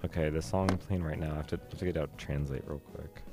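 A young man in casual chat, co-hosting and picking songs, playful and animated. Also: a bass voice, fast, music in the background. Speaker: co-host playing music.

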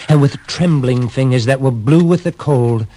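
A man telling a fairy tale in a gentle, dramatic storytelling reading with hushed pauses. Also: mid-range voice, slight background noise. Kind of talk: scripted narration of a fairy tale. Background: music.

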